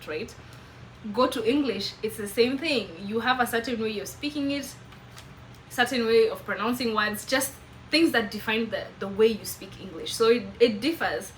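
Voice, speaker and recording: A young Kenyan woman with a Meru accent, whose first language is Kimeru, chatting casually to camera in an animated way and laughing often. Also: fairly high pitch, moderate pace, slight background noise, low-quality recording. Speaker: vlogger.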